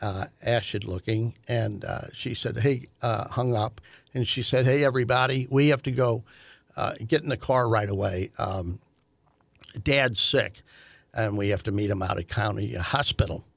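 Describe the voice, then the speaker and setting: An older man, telling a family story in a halting way with many fillers and restarts. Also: fairly low pitch, creaky, dry recording. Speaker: guest, host's father. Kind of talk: conversational storytelling.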